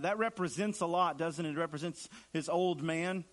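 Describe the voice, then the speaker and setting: A man's voice: a little high, normal speed, fairly bright tone. A man preaching a sermon in an earnest way, repeating phrases for emphasis and acting out the lines he quotes. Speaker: pastor.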